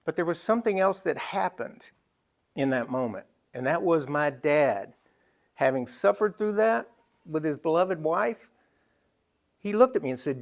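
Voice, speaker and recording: A man's voice: fairly high pitch, lively intonation, vocal fry. Emphatic man telling a story. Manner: emphatic, dramatic pauses. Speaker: speaker. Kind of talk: personal storytelling talk.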